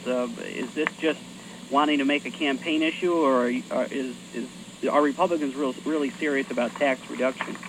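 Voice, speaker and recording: A man of middle pitch, reporting for a radio station, feeling his way through a question with pauses and restarts. His voice comes over a line with a clear hiss behind it.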